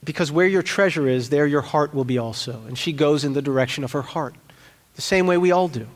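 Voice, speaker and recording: Male pastor, high voice, chatty sermon delivery full of restarts, reverberant church hall. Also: fairly quick. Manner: conversational, frequent restarts and asides. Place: church sanctuary.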